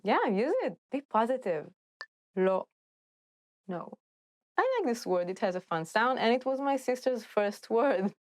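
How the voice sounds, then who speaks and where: A woman's voice: fairly high pitch, expressive, a little slow, no room sound, clean studio sound. A woman teaching Hebrew words in a casual lesson, upbeat and encouraging.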